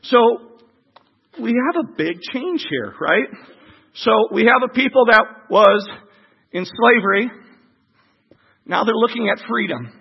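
A high-voiced man preaching a sermon in an animated way, breaking into shouted voices as he acts out the crowd. His voice is husky and the recording sounds dull and lo-fi. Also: slow, pauses often.

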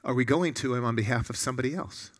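A man's voice: mid-range voice, fast. A man preaching a sermon to a room of listeners, earnest and often putting questions to them.

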